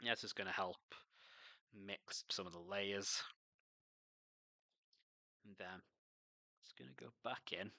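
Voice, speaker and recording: A man's voice: lowish voice, steady tone, takes it slowly, gravelly, long pauses, bright, forceful tone, dry recording. A young man chatting casually and swearing freely as he paints miniatures on a stream. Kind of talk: casual chat while painting.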